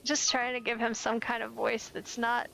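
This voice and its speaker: A woman's voice: a little high, flat delivery, moderate pace, creaky, pushed and bright, a little hiss or hum, rough recording. A woman in her twenties from the United States, chatting casually and playfully while streaming a game. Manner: rambling, playful, self-commenting. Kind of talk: casual gameplay chat.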